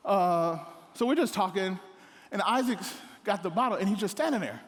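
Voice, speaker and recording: A middle-aged male pastor telling funny stories in a lively, joking sermon. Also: sits high, normal speed. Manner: animated, joking, with playful voices for others. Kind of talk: comedic sermon storytelling. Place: large hall on stage. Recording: long hall reverb.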